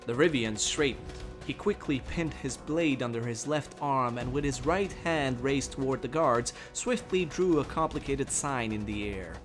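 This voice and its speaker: A man reading a fantasy story aloud in a measured, steady storytelling voice. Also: medium pitch, over music. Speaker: narrator. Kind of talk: dramatic audiobook narration.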